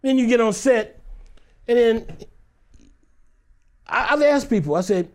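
A man's voice: high-pitched, lively intonation, moderate pace, pauses often, darkish tone. A middle-aged man, an actor, telling stories in an interview answer, laughing often and acting out the voices he quotes.

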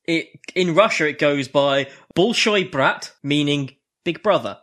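A man's voice: fairly high pitch, measured pace, a bit bright. A man co-hosting a casual chat, reading out robot facts between frequent laughs. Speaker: podcast co-host.

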